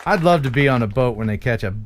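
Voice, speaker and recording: A man's voice: medium pitch, lively intonation, fast, crowd noise, noisy background. A man, around his forties, hosting a casual live stream chat in a goofy, playful way and laughing often. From USA.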